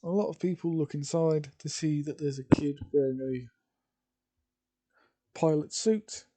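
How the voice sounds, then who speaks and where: Male storyteller, slow and informal, mellow tone, rambling asides. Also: a little high. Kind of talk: casual fan-fiction narration.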